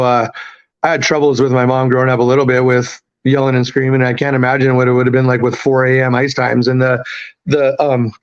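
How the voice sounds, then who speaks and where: A man's voice: medium pitch, lo-fi sound. A man in his fifties from Canada, a podcast guest telling stories in a candid, profane, laid-back way with lots of fillers. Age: 50s. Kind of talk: casual storytelling.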